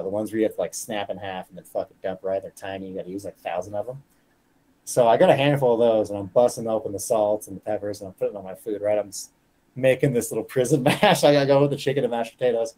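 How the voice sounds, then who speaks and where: A man telling stories on a casual podcast, profane and animated, acting out the quotes in them. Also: medium pitch, fast. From Colorado. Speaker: guest fighter.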